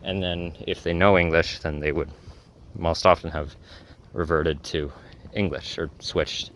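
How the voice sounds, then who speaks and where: A man's voice: deep voice, fairly even intonation, unhurried, a bit bright, slight background noise. A man talking casually in a travel vlog, rambling with lots of fillers and self-corrections. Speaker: travel vlogger.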